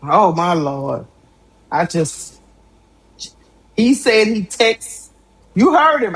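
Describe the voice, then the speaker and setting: Animated woman hosting a live sports show. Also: medium pitch, drawn-out words, long pauses, husky, rough recording. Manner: animated, exclamatory, laughs a lot. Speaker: sports talk show host. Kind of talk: live sports talk stream.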